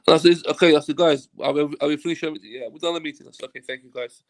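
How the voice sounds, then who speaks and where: A man with a high-ish voice talks very fast. As a football agent guesting on an interview, he spins a casual anecdote, animatedly acting out what people said and swearing freely.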